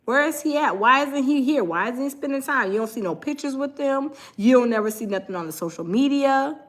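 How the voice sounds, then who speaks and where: A woman hosting a casual livestream, sassy and animated, reading comments from the chat. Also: sits high, a little fast. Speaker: livestream host.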